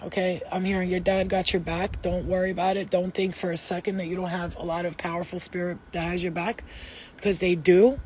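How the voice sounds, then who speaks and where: A woman's voice: medium pitch, slight background noise. A woman doing a live psychic reading for her viewers, rambling and emotional, with many restarts. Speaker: psychic reader.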